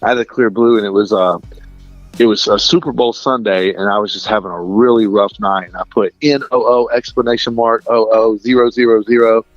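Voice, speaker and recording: Casting note: talkative male interview guest with a lowish voice, loose and casual, recorded dry with a muffled, lo-fi sound. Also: fairly even intonation, fairly quick, dry recording, soft background music. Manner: chatty, says "dude" and "like" a lot, laughs between lines. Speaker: interview guest, Christian musician. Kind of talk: casual storytelling.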